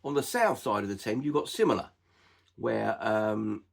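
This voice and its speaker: A man with an Estuary English accent, from the edge of East London and Essex, explaining dialect features in an unhurried way with frequent "uh" and "um". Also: on the low side, sing-song, vocal fry. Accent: Estuary English, Cockney-like. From edge of East London and Essex, England. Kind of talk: informal spoken lesson.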